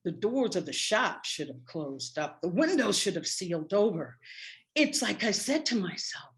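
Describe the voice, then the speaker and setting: A middle-aged woman, a spiritual practitioner, telling a personal story to her congregation in an animated, wry way. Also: medium pitch, normal speed.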